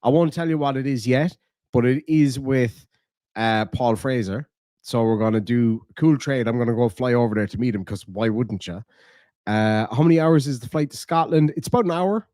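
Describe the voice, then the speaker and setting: A man's voice: medium pitch, moderate pace, darkish tone, no echo, clean studio sound. A man with an Irish accent chatting casually on a live stream, rambling, cursing and reading chat aloud. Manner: rambling, swears a lot, reads chat aloud.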